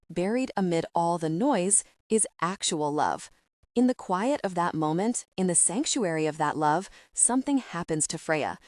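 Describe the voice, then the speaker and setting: A woman narrating a young adult audiobook in a measured, steady storytelling voice on a close studio mic. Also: mid-range voice, no room sound. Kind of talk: scripted narration.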